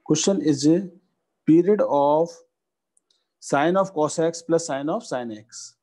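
A man, teaching a maths lesson and dictating each step slowly. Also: fairly high pitch, warm tone, poor audio.

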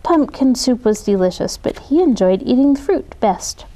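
A woman reading a children's picture book aloud in a gentle, expressive way, putting on voices for the characters. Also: a little high, moderate pace, low-quality recording. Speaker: storybook reader. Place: community media studio.

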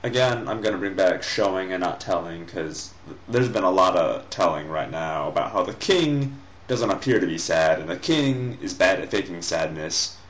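Brief: sarcastic man, low voice, reading and mocking a story, roomy lo-fi mic. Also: animated, moderate pace, a little hiss or hum. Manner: sarcastic, critical, fillers like "like". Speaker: host reading a story aloud.

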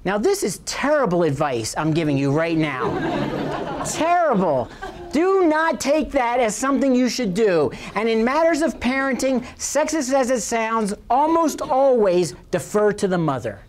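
A man's voice: very high voice, very animated, unhurried. A man in his fifties, a professor telling a bawdy, self-mocking comic story to a lecture hall.

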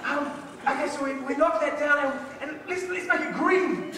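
A man's voice: very high voice, steady tone, normal speed, a crowd in the background, background noise. A man playing an eager, stammering church member full of big building ideas in a live stage skit. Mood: excited. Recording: echoey hall from far off, audience.

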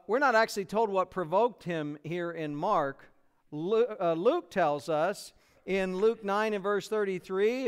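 Male American pastor, high, clear voice; earnest expository sermon. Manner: earnest expository preaching, acting out quotes.

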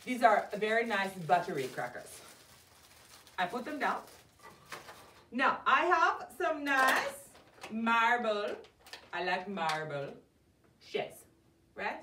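A bright, high-voiced woman clowns through a kids' cooking demo as a goofy chef, her pitch bouncing all over as she jokes and quizzes the little ones. She is recorded a bit far from the mic in an echoey room. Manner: silly and animated, playing a goofy chef character; talks straight to young viewers, with many questions and jokes. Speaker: children's library program host.

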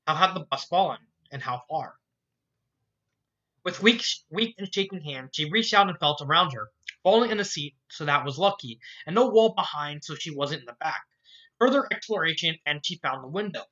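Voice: mid-range voice, bright, forceful tone, highs cut off. A fan fiction reader narrating a story aloud, often stumbling and restarting lines, with the odd swearing aside. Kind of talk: amateur fan fiction reading.

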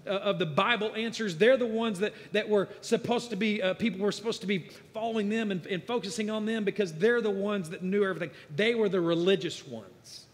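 A man delivers a sermon in a higher-pitched voice that echoes through a church hall. He talks conversationally, builds to emphatic bursts, then drops low and quiet. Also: fairly quick, few pauses. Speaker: guest preacher. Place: church sanctuary.

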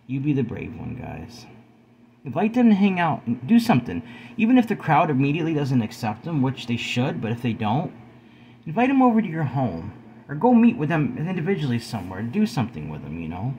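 A man's voice: medium pitch, wildly swooping pitch, a little fast, a little mellow, highs cut off, slight background noise. A man in his forties, talking earnestly to his viewers from home in a preachy vlog, often calling them guys. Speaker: video host. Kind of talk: earnest spoken vlog talk.

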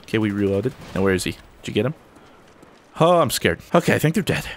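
A young man giving running commentary over a video game as a gaming channel host, often breaking into high excited yelps when the action spikes. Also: fast talker. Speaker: gaming YouTuber. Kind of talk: gameplay commentary.

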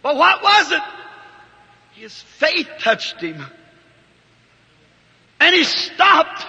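A man preaching a fervent revival sermon in a large hall before a congregation, often rising to shouts. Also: very high voice, big pitch swings, extremely slow, vocal fry, pauses often. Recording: reverberant old hall recording.

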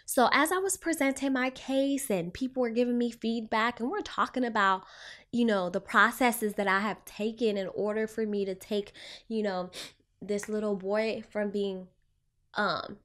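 In a mid-range voice, this young woman, who works as a clinician and runs a podcast, narrates a story in a relaxed, expressive style. Along the way she voices her own inner thoughts.

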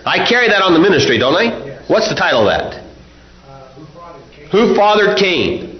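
A male pastor preaching a sermon, mixing folksy stories with forceful preaching. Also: high voice, big pitch swings, normal speed. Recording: roomy, dull lo-fi recording.

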